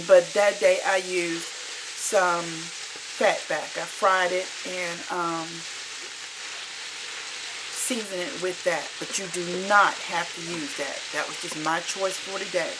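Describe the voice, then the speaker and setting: Over some background noise, a Carolina home cook in her sixties talks through her cooking video in a mid-range voice. Her narration is warm and homey, with folksy grammar, and she says things more than once.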